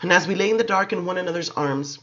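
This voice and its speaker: A man giving expressive, measured dramatic audiobook narration, on a dull lo-fi recording. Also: high-pitched.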